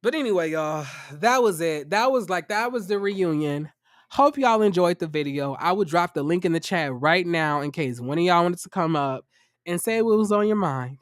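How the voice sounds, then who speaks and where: A man hosting a livestream review of a reality show, tired, talking casually to his viewers in a profane, incredulous, animated way. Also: high-pitched, normal speed, dry recording, studio quality. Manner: chatty, addresses viewers as y'all.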